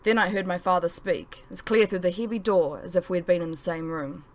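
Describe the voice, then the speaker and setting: A woman author narrating her novel in the first person, expressive and story-driven. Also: on the low side, brisk. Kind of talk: audiobook narration.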